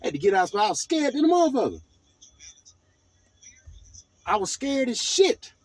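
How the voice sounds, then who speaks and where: A man's voice: very high-pitched, huge pitch swings, moderate pace. A man telling a rambling dream story and turning defensive in a casual conversation inside a truck cab. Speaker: partner in a couple's argument.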